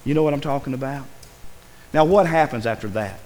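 A man's voice: mid-range voice, brisk, darkish tone, in a large hall, rough recording. A man preaching a sermon in a church, earnest and pleading, his voice rising with emotion. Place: church sanctuary.

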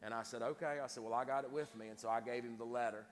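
Preacher, man, quick sermon storytelling with stammered restarts, echoing church sanctuary. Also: medium pitch, steady tone. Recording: reverberant hall with faint noise.

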